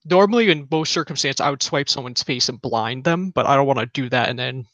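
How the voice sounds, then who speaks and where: A man's voice: medium pitch, brisk, a bit bright, no room sound. A man playing a tabletop role-playing game, talking casually and hesitantly about what his character will do. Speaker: player.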